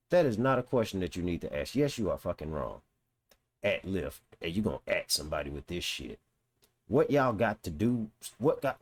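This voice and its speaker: Reading through a news article, this commentary host voices the quotes and then reacts with blunt mockery and profanity. He has a deep voice with a breathy edge.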